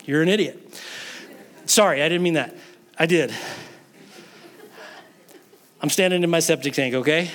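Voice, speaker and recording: A man's voice: a little high, fairly quick, pauses often. A man preaching a sermon in church as pastor, earnest, mixing jokes into his teaching and rising in volume for emphasis. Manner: earnest preaching with joking asides, swells louder in emphasis. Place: church sanctuary.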